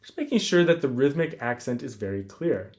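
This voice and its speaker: A man teaching a guitar lesson in a relaxed, casual way, counting rhythms aloud with frequent ums. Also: mid-range voice, brisk. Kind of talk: casual instructional talk.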